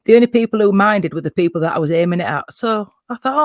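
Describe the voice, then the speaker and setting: A man's voice: high voice, expressive, quick pace, dry recording, clean studio sound. Sweary Yorkshire man, laughing. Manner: sweary, laughing, self-mocking. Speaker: guest on a livestream panel. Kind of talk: casual chat.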